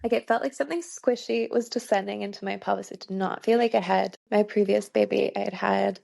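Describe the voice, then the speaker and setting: A woman in her thirties with a strongly gravelly, creaky voice at a middle pitch recounts a personal experience. She talks earnestly and informally, leaning on "like" and breaking into laughs as she goes. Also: steady tone, fairly quick, warm tone. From Canada. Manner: earnest, many "like" fillers, laughs often. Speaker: guest. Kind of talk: personal storytelling in a podcast interview.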